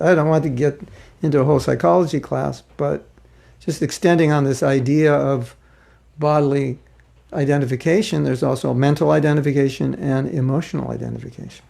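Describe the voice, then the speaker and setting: A man's voice: a little high, vocal fry, warm tone. A man giving an informal spiritual class, chuckling as he talks and acting out the voices of people he quotes.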